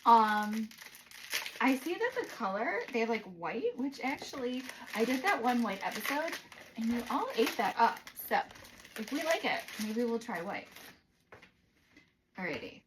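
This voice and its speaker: A young adult woman from the United States chatting casually in a vlog, sassy and animated, dropping into whispers for asides. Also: on the high side, unhurried, pauses often, noisy background. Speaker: vlogger doing product try-ons.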